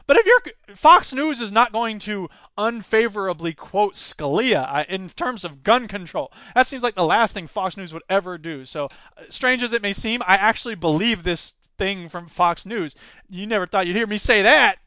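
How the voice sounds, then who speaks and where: Bright-voiced, sarcastic podcast host man. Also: high voice, normal speed, no echo, clean studio sound. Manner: animated, sarcastic, mocks others in put-on voices. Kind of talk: solo political commentary podcast.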